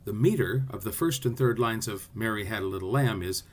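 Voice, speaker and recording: A man's voice: lowish voice, fairly quick, slight background noise. A man teaching a class video, explaining poetic rhythm in a playful way and sounding out beats. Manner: lively, playful teaching voice with sung-out rhythm syllables.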